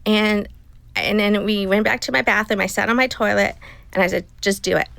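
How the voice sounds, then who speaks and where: A woman's voice: medium pitch, fairly even intonation, normal speed, gravelly, fairly bright tone, no echo. A middle-aged woman, a guest, telling a personal story in an earnest, emotional way and acting out what she told herself. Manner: emotional, earnest storytelling with acted self-talk. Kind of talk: personal story in a casual interview.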